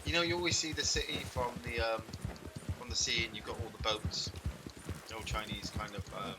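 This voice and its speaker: A man's voice: mid-range voice, steady tone, a little fast. A man from England giving casual live commentary while playing a game, chatting, joking and swearing as he reacts. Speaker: game streamer. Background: game noise, hoofbeats and clicks.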